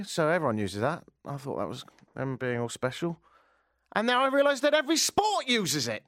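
Hosting a comic radio talk show in the studio, a man rants sarcastically and mocks himself, throwing in mimicked chants. His high voice swings widely in pitch, moves briskly and sounds fairly bright, with no echo.

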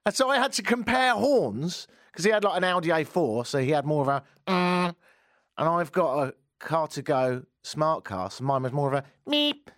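A man's voice: on the high side, normal speed, few pauses, dry recording, clean studio sound. A man hosting a talk radio show, telling comic stories and acting out the people in them. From England. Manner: animated, acts out voices in his anecdotes.

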